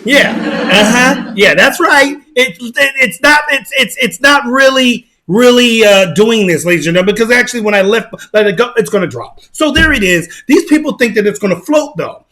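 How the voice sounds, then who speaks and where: A man giving a mocking, emphatic rant as reaction commentary on his channel, often bursting into shouts. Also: very high voice, lively intonation, moderate pace. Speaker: channel host.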